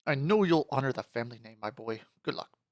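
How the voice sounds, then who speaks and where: A man putting on an accent to voice a kindly old grandfather reading his farewell letter aloud, slow and earnest. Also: medium pitch, expressive, a little mellow, no echo, close to an everyday voice. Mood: tender.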